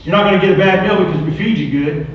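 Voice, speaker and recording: Brief: middle-aged male preacher, high voice, repetitive rhetorical style, distant mic in a very echoey room. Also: fast, lo-fi sound. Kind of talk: recovery ministry sermon.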